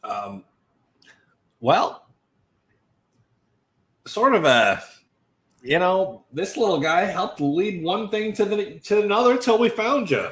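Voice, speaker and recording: A man playing a tabletop game, with a lively voice that swings up and down in pitch. He speaks hesitantly, with a joking edge, and the room around him sounds echoey. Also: takes it slowly, pauses often. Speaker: player. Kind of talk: casual tabletop play. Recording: roomy echo.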